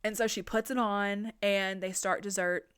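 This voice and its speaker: A woman hosting a podcast and recapping a horror movie in a casual, profane, animated way. Her voice is smooth and clear at a middle pitch. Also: moderate pace. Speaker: podcast host.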